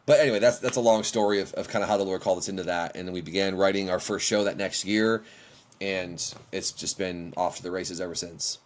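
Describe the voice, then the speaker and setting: A middle-aged man with a fairly low voice tells stories from his own life. He talks in an animated way and acts out what he said back then. He speaks as the guest of an interview podcast. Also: a little fast. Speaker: worship leader, guest.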